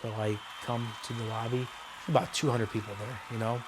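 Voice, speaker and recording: A man's voice: medium pitch, little pitch movement, a little fast, noisy background. A man telling his own story in a documentary interview, retelling conversations in a loose, filler-laden way.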